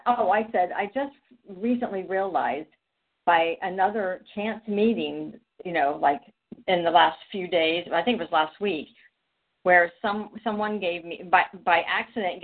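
A woman telling a long, rambling story in casual conversation, with frequent restarts and quoted dialogue. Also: fairly low pitch. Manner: chatty, rambling, many restarts. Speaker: podcast guest. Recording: phone-like audio.

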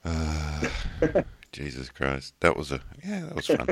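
A man's voice: a bass voice, huge pitch swings, takes it slowly, vocal fry, dry recording. A man co-hosting a podcast in casual chat, joking and laughing often. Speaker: podcast co-host.

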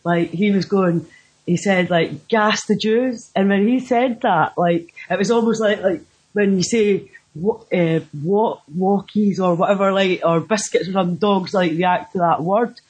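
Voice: medium pitch, moderate pace, a little mellow, slightly rough, poor audio. A podcast co-host in casual chat, mostly agreeing and adding short remarks. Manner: agreeable, backchanneling, laughing.

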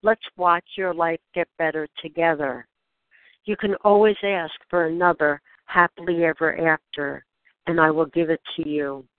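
A woman leading a channeled spiritual guidance session, speaking in gentle, questioning prompts to the listener. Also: deep voice, steady tone, moderate pace, no echo. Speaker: spiritual guide. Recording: dry, tinny phone-like sound.

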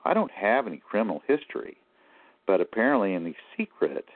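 A man's voice: on the low side, big pitch swings, fairly quick, dry recording. A man as an interview guest, telling his story in a rambling, aggrieved way. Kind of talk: phone-in interview. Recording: tinny phone line.

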